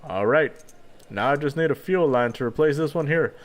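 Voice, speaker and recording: A man voicing a patient, tired farmer father who talks softly and kindly. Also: normal speed, lightly acted. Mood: gentle. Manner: soft, kindly, low-key.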